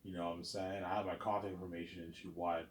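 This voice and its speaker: A man's voice: sits low, little pitch movement, quick pace, echoey room, a little hiss or hum. A man talking in a casual, rambling monologue, repeating himself and tagging lines with "obviously". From lives in Quebec, Canada. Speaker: vlogger.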